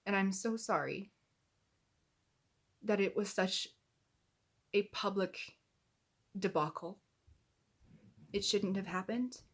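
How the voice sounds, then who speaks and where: A woman's voice: medium pitch, slow pace, long pauses, husky. A woman giving heated, indignant reaction commentary to camera, swearing as she gets angry. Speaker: YouTube commentator.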